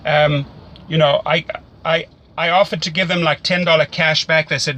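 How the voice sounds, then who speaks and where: A man's voice: on the high side, steady tone, moderate pace, pushed and bright. A man with a South African accent mentoring a rideshare driver in casual, enthusiastic chat, often repeating words as he thinks.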